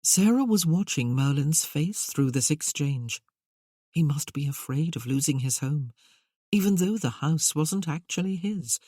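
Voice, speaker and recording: A measured audiobook narrator with a mid pitch. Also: expressive, dark tone, no room sound, studio quality. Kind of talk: scripted novel narration.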